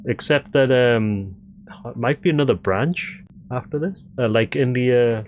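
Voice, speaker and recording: A man's voice: medium pitch, unhurried, muffled recording, a little hiss or hum. A man streaming a game, casually muttering instructions to himself while playing. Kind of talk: game playthrough commentary.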